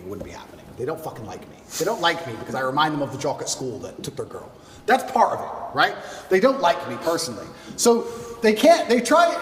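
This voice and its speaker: Animated, fast-talking man ranting far from the mic. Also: on the high side, reverberant, long reverb tail, a little hiss or hum. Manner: emphatic, repetitive, contemptuous. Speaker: interview guest. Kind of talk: forceful podcast rant.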